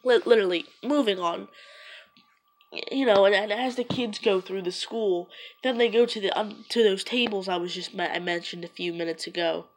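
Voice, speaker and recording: A woman talks straight to her camera in a casual, rambling way, leaning on "like" as she goes. Her voice sits at an ordinary middle pitch. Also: moderate pace. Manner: rambling, loose, full of "like". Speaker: vlogger.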